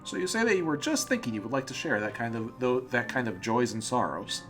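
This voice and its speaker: A man's voice: medium pitch, expressive, fairly quick, fairly bright tone, faint music behind. A man hosting a let's play, reading a visual novel aloud with amused commentary and frequent stumbles. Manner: amused, often laughing and stumbling over words.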